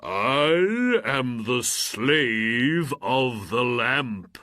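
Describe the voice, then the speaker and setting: A reader voicing a huge, obedient male genie who speaks in slow, booming declarations in a storybook reading. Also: animated, sharp tone, no room sound, clean studio sound, heavily acted. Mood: solemn.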